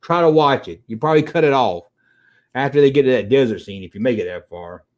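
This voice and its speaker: Through dull audio, a middle-aged man speaks fast in a mid-range voice while hosting a casual livestream. He rambles between tangents, cursing and animated as he talks with viewers.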